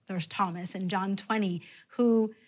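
A woman pastor preaching a sermon, with expressive emphasis and sudden drops to a near-whisper. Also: medium pitch, a little slow.

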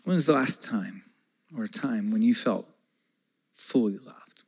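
A man in his forties preaching a conversational sermon as a pastor, moving between soft, slow passages and loud, excited ones. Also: fairly low pitch, slightly rough, rough recording.

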